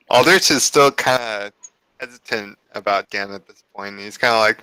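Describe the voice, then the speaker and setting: A man describes his character at a tabletop game in a relaxed, measured way. His voice is somewhat low yet bright and forceful, recorded dry and close. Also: clear, resonant tone, no room sound, low-quality recording. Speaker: player. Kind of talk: casual tabletop play.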